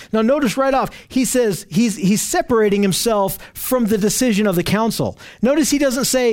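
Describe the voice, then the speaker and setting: A man's voice: high voice, normal speed, few pauses, a little mellow. A man preaching a verse-by-verse sermon, explaining scripture earnestly and emphatically, often restarting his phrases.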